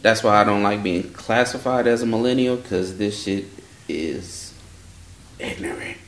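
A man hosting a podcast, talking in a profane, slangy, animated way. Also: lowish voice, normal speed, reverberant. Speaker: podcast host. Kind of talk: casual podcast chat.

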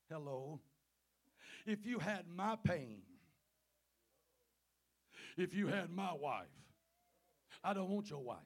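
High-pitched, gravelly man preaching a sermon. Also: expressive, slow, pauses often. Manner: calls out "Amen?" and "Hello?" to the congregation; swings between loud fervent peaks and quiet low asides. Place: church sanctuary.

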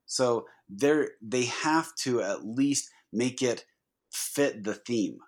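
A man co-hosting a casual podcast about pinball, talking in an animated, chatty way with frequent fillers. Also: medium pitch, slow pace. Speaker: podcast co-host. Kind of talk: casual chat.

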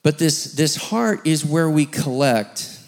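A man preaching as a guest speaker, telling a story with lively acted-out voices, then teaching. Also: on the high side, slow. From rural background. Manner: animated, acts out voices in his stories. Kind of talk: sermon storytelling.

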